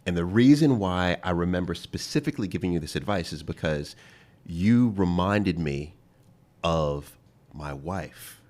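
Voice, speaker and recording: A man's voice: low-pitched, animated, darkish tone. A man hosting an interview podcast, talking in a playful, casual way and leaning on key words. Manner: playful, laughs often, drawn-out emphasis. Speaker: host.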